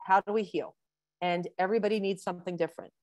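A woman in her sixties, a physician being interviewed in a webinar, explaining at length in a warm, rambling way with many fillers. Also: medium pitch, fairly even intonation, fast, no echo. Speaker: breast cancer physician, guest.

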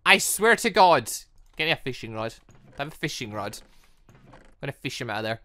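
A young man chats his way through a Minecraft let's play with a bright, lively voice that leaps up and down as he jokes. He scolds and coaxes the villagers in the game in a casual, joking manner. His close desk mic sounds dry, with keyboard clicks in the background. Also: medium pitch, fairly quick, pauses often, dry recording. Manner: chatty, jokey, talks to villagers in the game. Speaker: gaming YouTuber.

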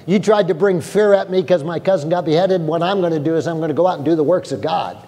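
A man preaching a sermon as pastor, animated, often acting out the voices of frightened people. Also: on the high side, quick pace, in a large hall. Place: church sanctuary.

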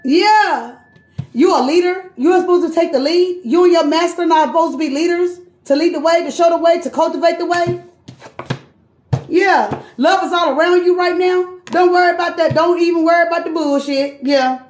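A high-pitched woman runs a loose, chatty tarot reading, cursing freely and calling her listener queen and sis. Her voice echoes around the room as she talks. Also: moderate pace, darkish tone. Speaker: tarot card reader. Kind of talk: casual live tarot reading.

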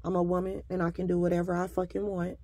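A woman's voice: fairly low pitch, completely flat delivery, quick pace, warm tone, no room sound. A woman delivering a combative, profane monologue to camera, with sarcastic politeness throughout. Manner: repeatedly addresses a listener as "sir". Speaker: vlogger.

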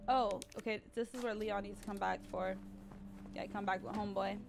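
Excitable swearing woman streamer. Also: mid-range voice, brisk, gravelly, noisy background. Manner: excitable, swears a lot, shrieks when scared. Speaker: gaming streamer. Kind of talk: live let's-play commentary.

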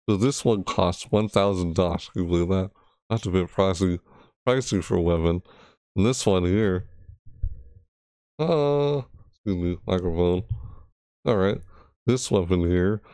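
Gravelly, low-voiced gamer man. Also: darkish tone, no echo, clean studio sound. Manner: rambling, chatty, frequent laughs and restarts. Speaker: gaming video creator. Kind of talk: casual reaction commentary.

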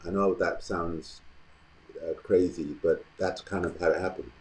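A man, an actor telling his story as an interview guest in a thoughtful, measured way with frequent pauses and ums. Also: sits low, steady tone, darkish tone, poor audio. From London, England.

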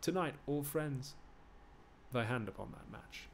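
A man's voice: mid-range voice, unhurried, creaky, very noisy. A man reading Ajax, a blunt, bold Greek warrior with a rousing, raised delivery, in a live-streamed Shakespeare reading.

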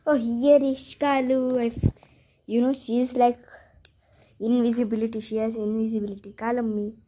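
Chatty high-voiced vlogger. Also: female voice, level tone, normal speed, mellow, slight background noise. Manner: chatty, talks to animals and viewers. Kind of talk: casual vlog narration. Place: home and yard with animals.

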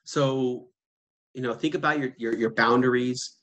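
A man talks through a seminar in a relaxed, conversational way, at an ordinary middle pitch. He tells stories by acting out what other people said and keeps throwing rhetorical questions at his listeners. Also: measured pace, highs cut off. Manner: animated storytelling with quoted voices and rhetorical questions. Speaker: seminar speaker.

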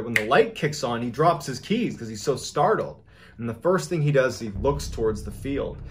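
Casting: man, suspenseful scary-story narrator, faint hiss. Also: medium pitch. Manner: suspenseful, building tension.

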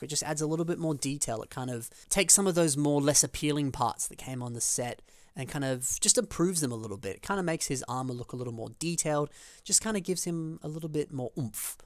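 A man hosting a building show, chatting casually and enthusiastically about fan builds, his voice leaping up in pitch on the words he stresses. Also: animated, fast talker, no echo, studio quality. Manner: enthusiastic, with big pitch jumps on emphasis; chatty, with frequent fillers and restarts.

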